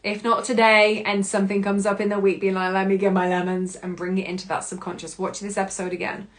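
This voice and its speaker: A woman hosting a podcast, giving an expressive self-help monologue and often breaking into laughter. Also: medium pitch, fast talker. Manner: expressive, laughs often, acts out her own inner voice. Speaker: podcast host.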